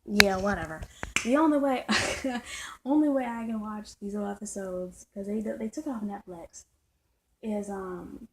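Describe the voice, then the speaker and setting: A woman's voice: medium pitch, measured pace, fairly bright tone, a little hiss or hum, rough recording. A woman vlogging in a casual, emphatic monologue, repeating and circling back over her points. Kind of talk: casual ranting monologue to viewers.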